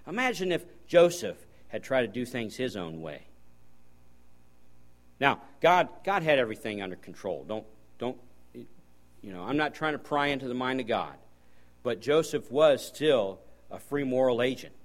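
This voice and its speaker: A man preaching as a guest preacher, folksy storytelling with sudden loud bursts. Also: medium pitch, big pitch swings, moderate pace. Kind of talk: sermon.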